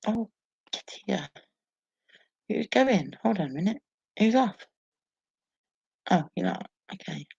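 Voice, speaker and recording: A woman's voice: mid-range voice, animated, takes it slowly, creaky, long pauses, a little mellow, slightly rough. A woman hosting a casual live stream at home, chatting to viewers with frequent swearing and laughter. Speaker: live stream host reading viewer comments. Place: home, sitting alone. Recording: dull lo-fi sound.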